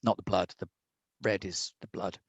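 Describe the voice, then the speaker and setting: A man's voice: low voice, little pitch movement, normal speed, slightly rough, no room sound, low-quality recording. A middle-aged man running a tabletop role-play game, narrating scenes and voicing characters in a theatrical storytelling manner. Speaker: game master.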